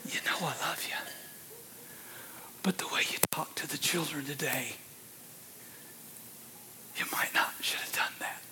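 A man's voice: a little high, unhurried, long pauses. A man whispering as a loving wife in bed, whispered role-play. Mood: tender. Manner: soft unvoiced whisper, tender.

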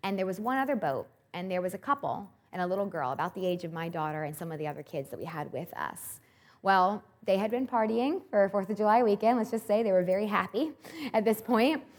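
A woman's voice: medium pitch, lively intonation, brisk, a little mellow. A woman in her thirties giving an earnest devotional talk, telling a story with animation. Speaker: speaker at a Christian event.

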